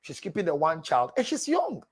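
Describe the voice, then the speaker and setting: A slightly rough, somewhat high male voice with huge pitch swings, delivered at normal speed. He's a relationship counselor on a live broadcast who reads out viewers' messages, answers them preachily and emphatically, repeats phrases for emphasis, and addresses people as "my dear."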